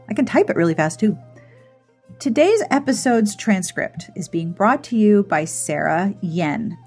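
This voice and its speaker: A woman's voice: on the low side, a little mellow, husky. A woman podcast host closing her show in a casual, playful way, chatty and amused by her own jokes.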